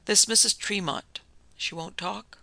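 A man's voice: high voice, steady tone, measured pace, creaky, pushed and bright, no echo, pitched above the performer's own voice, exaggerated voice. A man voicing a hard, grim detective who talks tersely.

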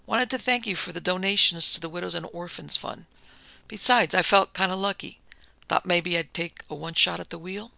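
A natty police lieutenant, breezy and offhand in his chatter, as a man reads him in a story, with a bright, slightly gravelly voice pitched a little high. He speaks close to the mic in a dry, dead space. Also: normal speed, no room sound, full character voice.

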